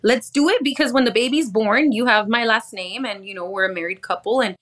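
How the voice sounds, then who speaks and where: A woman's voice: a little high, fairly quick, fairly bright tone. A woman in her thirties speaking candidly in casual chat, mixing English and Spanish as she acts out her past thoughts. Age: 30s. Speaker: guest.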